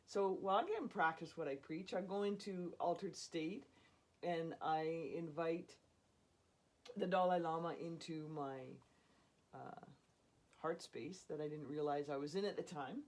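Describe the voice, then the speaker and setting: A woman casually telling a personal story in an animated way, often laughing and acting out what people said. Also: low voice, a little slow. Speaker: storyteller guest.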